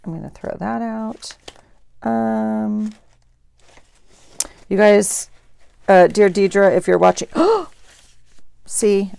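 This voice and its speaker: A woman's voice: mid-range voice, animated, extremely slow, gravelly, long pauses, a little mellow, clean tone, dry recording. A woman vlogger chatting casually at her craft desk, thinking aloud as she journals and opens mail. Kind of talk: casual chat while journaling.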